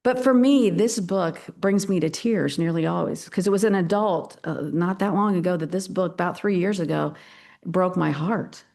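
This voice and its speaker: A woman's voice: lowish voice, moderate pace, gravelly, darkish tone. An older woman pastor delivering a sermon in a playful, dramatic and emphatic way.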